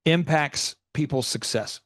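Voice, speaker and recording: A man's voice: a little high, measured pace, fairly bright tone, no echo, clean studio sound. A man hosting a business coaching show, talking emphatically and rambling through stories with many restarts. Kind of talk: energetic coaching talk.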